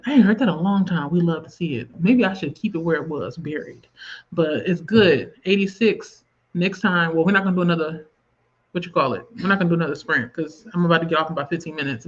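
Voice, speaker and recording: A woman's voice: on the low side, a little fast, slightly rough. Casting: rambling, chatty Southern woman hosting a livestream, slightly muffled audio. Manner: chatty, rambling, reads viewer comments aloud. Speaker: livestream host. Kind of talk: casual livestream chat. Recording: slightly dull lo-fi stream audio.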